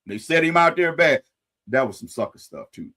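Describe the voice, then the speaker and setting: A man hosting a live-stream commentary, pitched a touch high for a male voice. He talks casually and animatedly straight to his viewers, throwing in folksy sayings and wry asides. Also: lively intonation, moderate pace, bright, forceful tone. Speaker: host.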